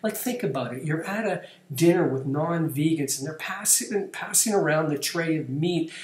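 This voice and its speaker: A vlog host talks casually to camera on his own channel, reading out viewer comments in a wry, playful, self-mocking way. His voice is fairly high with a darkish tone and a moderate pace, and the room sounds echoey.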